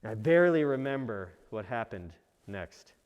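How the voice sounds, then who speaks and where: A man's voice: medium pitch, animated, moderate pace, darkish tone, long reverb tail, muffled recording, voice pushed down, lightly acted. A man narrating a first-person sermon as an aging fisherman apostle looking back on his life, in a reflective storytelling manner.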